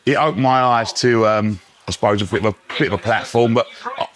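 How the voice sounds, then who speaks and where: A man's voice: lowish voice, fast talker, crowd noise. A man, chatting cheekily as a guest over dinner in a pub. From England. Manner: cheeky, loud banter with laughs. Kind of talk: casual chat. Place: pub dining room.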